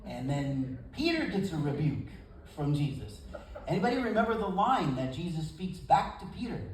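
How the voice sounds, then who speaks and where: A male pastor delivers a folksy sermon, his pitch swinging widely as he acts out quotes in different voices. He sounds distant from the microphone, with his voice echoing around a large room. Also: big pitch swings, moderate pace, slight background noise. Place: church service in a gym. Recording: echoey room from far off.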